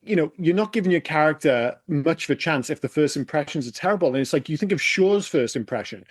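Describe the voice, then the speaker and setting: A man co-hosting a podcast, chatting casually about a film in an animated, exasperated way and swearing often. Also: fairly high pitch, quick pace, dry recording. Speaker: podcast co-host. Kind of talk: casual film review chat.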